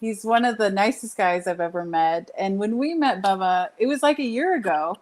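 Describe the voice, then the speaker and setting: A woman chiming in over a video call, gushing with enthusiasm and laughing easily. Her voice sits at an ordinary middle pitch. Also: lively intonation, moderate pace, a little mellow. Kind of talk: casual chat.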